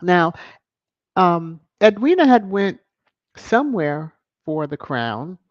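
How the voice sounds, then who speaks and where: A man hosting a live stream, reading viewer comments in a casual, animated way with laughs and sudden high exclamations. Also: slow, dry recording, highs cut off. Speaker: livestream host reading chat.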